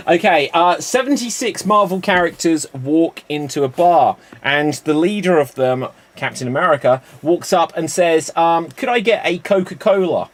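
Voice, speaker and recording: A man hosting a live improv comedy stream, telling quick joke setups and calling on players by name with easy chuckles. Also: fairly high pitch, expressive. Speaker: improv show host.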